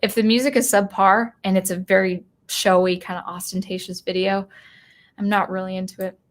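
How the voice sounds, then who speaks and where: A woman's voice: medium pitch, flat delivery, fairly quick. A woman hosting a live stream about music, talking casually and rambling with many restarts while reading out viewer comments. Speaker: music channel host.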